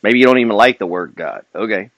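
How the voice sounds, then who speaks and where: A man's voice: lowish voice, quick pace, a bit bright, no echo, lo-fi sound. A man giving a motivational monologue as a wealth and trading coach, emphatic and preacher-like, swearing freely.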